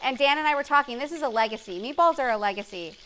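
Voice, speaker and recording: A woman's voice: high voice, expressive, fast talker, sharp tone, poor audio. A woman hosting a live cooking show, chatting with her guest and explaining kitchen tips. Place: live studio kitchen with audience.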